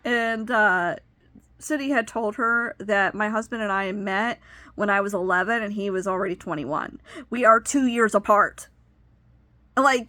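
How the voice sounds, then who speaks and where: A woman's voice: a little high, sharp tone, no room sound. A woman in her thirties telling a personal story with emotional, indignant retelling. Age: 30s. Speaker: vlogger.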